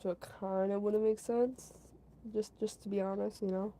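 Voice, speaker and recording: A woman's voice: medium pitch, fairly even intonation, normal speed, mellow, low-quality recording. A woman casually telling a story to her stream chat, rambling, repeating herself and padding her talk with fillers. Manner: talks to her chat between story parts.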